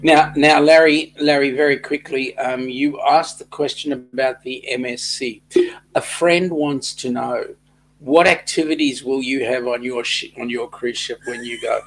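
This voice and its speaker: A man's voice: medium pitch, fairly even intonation, unhurried, a little hiss or hum. Chatty Australian man co-hosting. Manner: chatty, reads out viewer comments, joking. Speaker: co-host of a cruise chat livestream. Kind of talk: casual chat.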